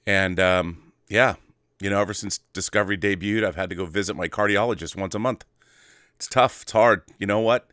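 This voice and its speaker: Man, middle-aged host, wry and rambling, low voice, dry close sound. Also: brisk, no room sound. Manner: wry, animated, digressive. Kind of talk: casual monologue.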